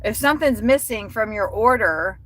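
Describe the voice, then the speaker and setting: A woman's voice: on the high side, expressive, moderate pace, fairly bright tone, rough recording. A woman delivery driver ranting angrily on a livestream from her car, swearing constantly. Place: inside a car while driving.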